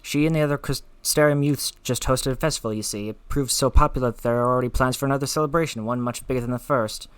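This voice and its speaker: A man voicing an earnest, devoted woman guard captain with an attempted Scottish accent. She speaks in formal, old-fashioned phrasing, steady and mid-pitched, like video game dialogue read aloud. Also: fast, few pauses, clear, resonant tone, dry recording, lightly acted.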